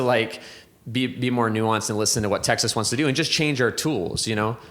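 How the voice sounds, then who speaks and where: A man's voice: medium pitch, a little fast, a bit bright. A man who works as a whiskey distiller and blender, talking in a podcast interview in a thoughtful, rambling way, with many restarts and fillers and a reflective, poetic turn.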